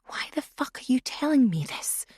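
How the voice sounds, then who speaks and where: A woman's voice: mid-range voice, expressive, a little fast, dry recording, studio quality. Woman voicing an edgy, incredulous young woman. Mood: uneasy. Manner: sharp and incredulous.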